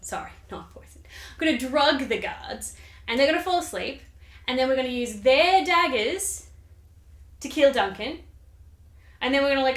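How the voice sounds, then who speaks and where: A woman's voice: high-pitched, a bit bright, echoey room. A woman voicing a bossy, scheming noblewoman who talks in pushy, exasperated, casual slang.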